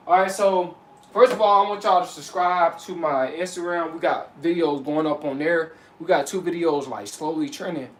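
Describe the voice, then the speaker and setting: A man giving casual spiritual advice as a vlogger, loose and repetitive, saying "you know what I'm saying" often. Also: high-pitched. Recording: echoey room, mic at a distance.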